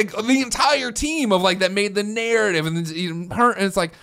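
A man in his thirties co-hosting a podcast, telling excitable, rambling stories full of restarts and swearing. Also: high-pitched, fairly quick. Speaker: podcast co-host. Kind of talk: casual podcast chat.

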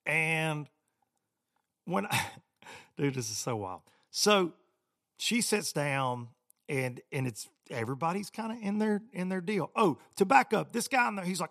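A man's voice: fairly high pitch, sing-song, normal speed, fairly bright tone, dry recording, clean studio sound. A middle-aged man hosting a podcast, telling a story in a chatty, rambling, self-deprecating way and talking straight to his listeners. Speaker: podcast host.

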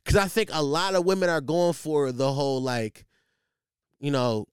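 Animated, rambling man riffing. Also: fairly high pitch, normal speed, smooth, no room sound, studio quality. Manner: animated, rambling, lots of fillers and repeats. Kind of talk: casual comedic monologue.

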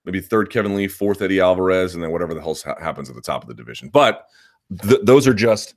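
Emphatic low-voiced man hosting a podcast. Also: expressive, fast. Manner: emphatic and combative, repeats points; casual with many fillers. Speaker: MMA podcast host. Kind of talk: live-stream commentary.

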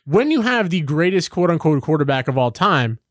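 A young man co-hosting a casual sports chat, telling rambling stories full of "um" and "like", jumping up in pitch when he gets worked up. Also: a little fast, no echo, studio quality. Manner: animated, rambling storytelling with many fillers. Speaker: podcast co-host.

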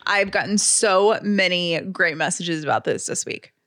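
A woman's voice: lowish voice, measured pace, dry recording. Young woman co-host, bubbly and gushing, dry studio sound. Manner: gushing, excitable storytelling. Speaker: podcast co-host. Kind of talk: casual chat.

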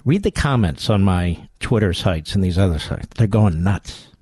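Talk radio host, male, sarcastic and combative, very lively pitch swings, dry close sound. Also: normal speed, breathy edge, no room sound. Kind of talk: political talk radio commentary.

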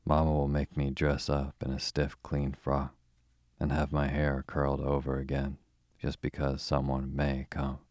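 A man's voice: rumbling low, completely flat delivery, unhurried, darkish tone, no room sound, studio quality. A man reading the lines of a cross young girl in a bedtime storybook, complaining and sighing.

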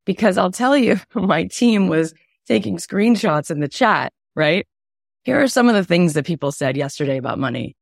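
A woman coach teaching an online workshop in a chatty, animated way, her voice raspy from a cold. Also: lowish voice, normal speed, no echo, clean studio sound. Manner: animated, chatty, lots of "right?". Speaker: wealth coach.

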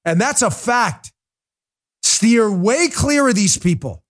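Male talk show host, high and combative, emphatic delivery. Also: sing-song, takes it slowly. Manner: emphatic, combative, mocks opponents in put-on voices. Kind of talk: fiery political commentary.

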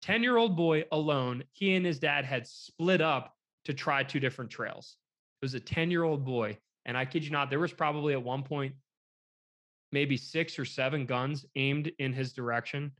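A young man telling a story in casual conversation, lively and quoting people as he goes, with lots of filler words. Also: medium pitch, moderate pace. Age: young adult.

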